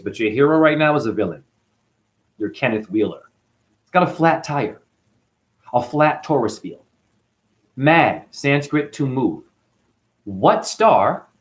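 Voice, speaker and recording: A man hosting his own channel, delivering a combative, mocking, profane rant to camera. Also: medium pitch. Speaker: channel host. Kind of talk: profane ranting monologue to camera.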